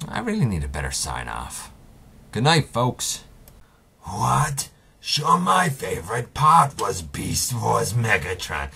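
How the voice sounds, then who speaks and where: A man's voice: on the low side, wildly swooping pitch, takes it slowly, creaky, sharp tone, slightly rough, pitched above the performer's own voice, full character voice. A man voicing a laid-back male robot talk show host who chats in a casual, rambling way. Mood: upbeat. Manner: casual, rambling, chatty with fillers.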